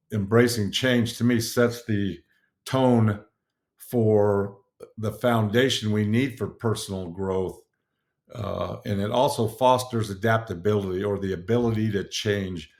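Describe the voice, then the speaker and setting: Earnest man giving motivational talk. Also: on the low side. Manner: earnest, repetitive, with frequent "uh" fillers and restarts. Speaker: podcast host.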